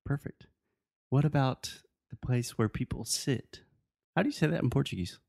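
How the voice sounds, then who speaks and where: In a casual language-lesson chat, a male co-host playfully and patiently helps his partner with English pronunciation. He speaks at a moderate pace in a mid-range, creaky, darkish voice, with clean studio sound and no room sound.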